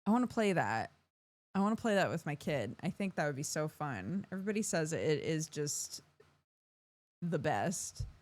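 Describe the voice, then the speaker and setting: Woman streamer, young adult, tired casual chat; lowish, animated pitch; dry mic. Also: moderate pace, dry recording. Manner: chatty, reads out chat and thanks subscribers. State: yawning, tired.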